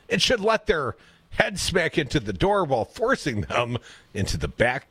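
A man's voice: fairly high pitch, normal speed, breathy edge, no echo. A man co-hosting a radio talk show, joking sardonically through political banter from a studio microphone. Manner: sardonic, jokey, animated. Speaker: radio co-host.

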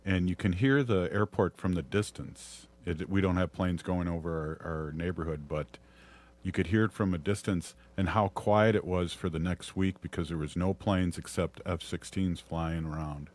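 Deep-voiced Minnesotan man, halting and reflective. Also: steady tone, darkish tone. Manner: halting, with many pauses and fillers. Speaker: host. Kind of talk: reflective podcast conversation.

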